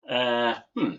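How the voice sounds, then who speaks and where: A man's voice: medium pitch, fairly bright tone, muffled recording. A man from Africa, hosting a casual livestream from home, rambling and chuckling with theatrical flourishes. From southern Africa. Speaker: livestream host.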